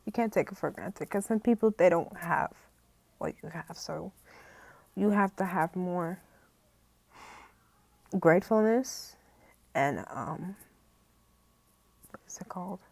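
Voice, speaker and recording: A young channel host speaks to camera in a slow, lowish, darkish voice with vocal fry and long pauses, recorded dry. Rambling and heartfelt, she repeats "you know" a lot and often seems about to cry.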